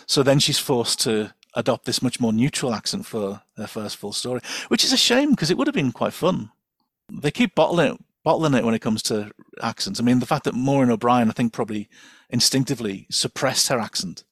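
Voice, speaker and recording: A man on a podcast, chatting in an animated, digressive way. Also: mid-range voice, fairly quick, breathy edge, no echo, studio quality. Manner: animated, digressive, many fillers and restarts. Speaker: podcast guest. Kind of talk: casual chat.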